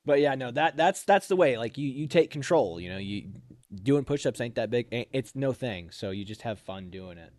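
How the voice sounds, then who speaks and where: American man, casual storytelling, animated, average pitch, dry sound. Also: normal speed, no echo. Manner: animated, barks drill commands in a loud high voice. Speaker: officer candidate telling stories.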